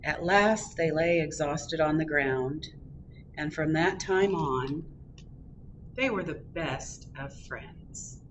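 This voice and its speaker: A librarian reading a picture book aloud to children at storytime, in an expressive, gently animated voice. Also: female voice, low voice, slow pace, a little hiss or hum, rough recording.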